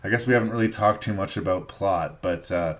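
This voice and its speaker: A man from Canada hosting a podcast, giving a thoughtful, measured film review in casual chat and repeating phrases for emphasis. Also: low-pitched. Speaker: podcast host.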